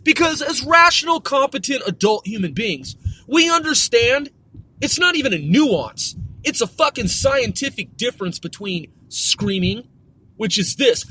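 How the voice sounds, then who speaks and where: Man, podcast host, profane stern rant, bright edgy tone, dry close sound. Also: very high-pitched, sing-song, measured pace, slightly rough, no echo. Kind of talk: ranting podcast monologue.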